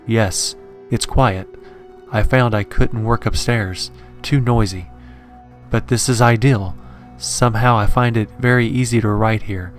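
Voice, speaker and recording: A man voicing a curt, irritable male novelist in a horror story reading, in a fairly low voice. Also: fairly even intonation, measured pace, soft background music, lightly acted. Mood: musing. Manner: curt and ungracious. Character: irritable male novelist who wants to be left alone.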